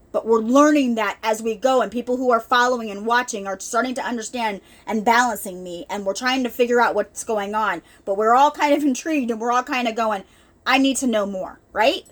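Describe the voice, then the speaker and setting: A woman's voice: a little high, brisk, few pauses. A woman hosting an unscripted ministry video, giving an earnest, rambling spiritual testimony with many restarts and asides, emotional at times.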